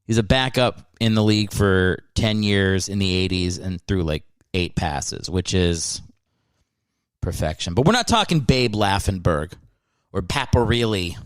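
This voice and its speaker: A man's voice: sits low, no room sound, studio quality. A man hosting a podcast, rambling in a casual, profane and self-mocking monologue. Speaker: podcast host.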